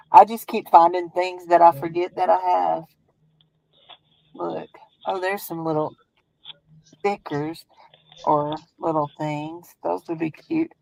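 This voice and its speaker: A woman's voice: fairly low pitch, vocal fry, mellow, poor audio. A woman with a Southern US accent who hosts a crafting stream, chatting casually in a rambling, folksy way and laughing often. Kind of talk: casual chat while crafting.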